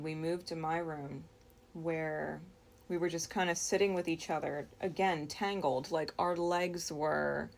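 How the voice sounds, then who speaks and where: A woman with a low, gravelly voice tells of a dream she had. She talks very slowly and thoughtfully, pausing often and restarting her words as she goes. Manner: slow, reflective, with frequent pauses and restarts. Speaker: storyteller. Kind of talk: recounting a dream.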